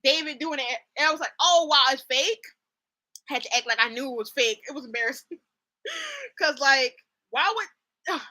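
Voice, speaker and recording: Bright, high-voiced young woman vlogger. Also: normal speed, pauses often. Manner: animated, laughing, slangy, does mock accents. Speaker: host. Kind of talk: casual commentary vlog.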